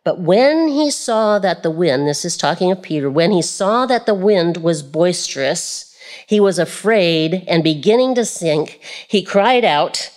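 A woman preaching a sermon, reading scripture aloud and repeating key phrases with rhetorical questions to the listeners. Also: mid-range voice.

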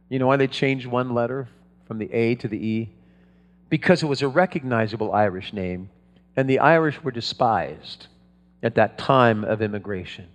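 A man's voice: medium pitch, lively intonation, normal speed. A man preaching a sermon, telling stories in a conversational way with frequent restarts. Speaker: pastor. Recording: long hall reverb.

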